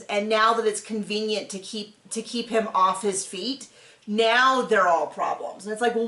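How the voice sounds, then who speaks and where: A woman with a fairly high voice, heard in a reverberant room, gives an informal rundown of a reality show. Animated and expressive, she mimics what the people on the show said, voicing each quote.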